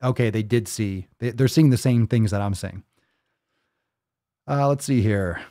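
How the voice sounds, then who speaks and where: A fitness podcast host with a lowish, dark voice takes his time as he reads viewer posts on a live stream. He answers them bluntly, with profane emphasis, restating his points for impact. The studio-quality recording has no room sound.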